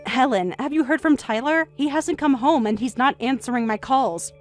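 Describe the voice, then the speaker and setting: A woman voicing a frantic, defensive middle-aged mother who talks in a shrill, insistent, raised voice over faint music. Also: moderate pace, lightly acted.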